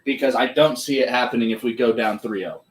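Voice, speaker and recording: A man co-hosting a sports podcast, chatting casually and excitedly about the game and swearing freely. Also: mid-range voice, fast. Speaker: podcast co-host. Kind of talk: casual sports chat over a live game.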